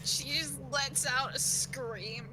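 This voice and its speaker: High, bright woman player, very slow and lively, playful. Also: slight background noise, poor audio. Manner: playful, animated. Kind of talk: tabletop role-play.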